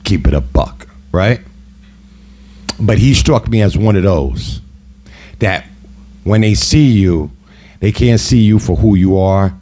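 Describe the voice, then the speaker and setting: A middle-aged man speaks in a low, mellow voice as he tells a personal story. His delivery is casual and heated, with frequent conversational asides. He sounds like the host of his own talk show. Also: slow pace, pauses often. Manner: heated, conversational, full of "you know" asides.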